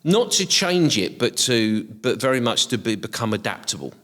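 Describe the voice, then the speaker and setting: A middle-aged man from Essex with a softened estuary accent, a podcast guest speaking in a hesitant, reflective way with many ums and restarts. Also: mid-range voice, very animated, normal speed, big-room sound. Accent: softened Essex estuary English. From Essex, England. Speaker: guest, HR professional. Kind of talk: casual reflective interview talk.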